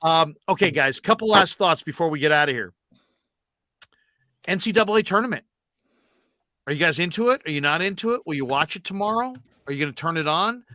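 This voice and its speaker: A man hosting a sports talk show, telling stories with animated, shouted impressions of callers. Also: on the high side, brisk, long pauses, no room sound, studio quality. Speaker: sports radio host.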